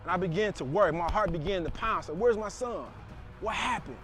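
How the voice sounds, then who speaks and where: A middle-aged man delivers a preachy motivational talk, full of emphatic repetition and call-outs. His speaking voice sits high for a man. Soft music plays faintly behind him. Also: lively intonation, brisk. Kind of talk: motivational speech to camera.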